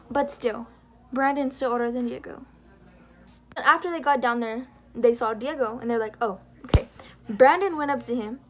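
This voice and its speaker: Young woman vlogger, slightly high voice, fast heated rambling commentary on drama. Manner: rambling, heated, retelling drama with quoted dialogue. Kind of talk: casual commentary vlog.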